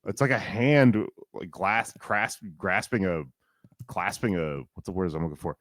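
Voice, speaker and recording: A man in his forties co-hosting a podcast, chatting casually in a rambling, animated and profane way. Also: sits low, a little slow, dry recording, studio quality. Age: 40s. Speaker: podcast co-host.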